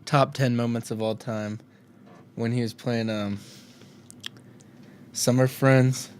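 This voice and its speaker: A man's voice: mid-range voice, fairly even intonation, takes it slowly, slight background noise. A young man co-hosting a casual podcast, rambling and joking with lots of slang. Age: young adult. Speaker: podcast co-host. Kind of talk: casual chat.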